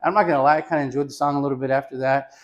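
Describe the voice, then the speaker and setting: On a muffled recording, a man with a mid-range, steady voice talks very fast while teaching chest X-ray positioning. The radiography instructor is casual with "you guys," his students, and gives patients instructions loudly in this hands-on demonstration with storytelling.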